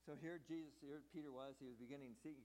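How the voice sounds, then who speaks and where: A man's voice: mid-range voice, steady tone, fast, mellow. Folksy preacher man in an echoey hall. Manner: folksy, repeats and restarts phrases. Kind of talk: conversational sermon. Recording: echoey hall with long reverb.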